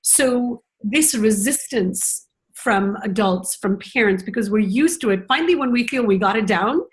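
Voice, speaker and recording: A woman's voice: mid-range voice, expressive, moderate pace. A middle-aged woman speaking as a parenting educator in a conversational conference talk, reflective and earnest, with many "you know" fillers.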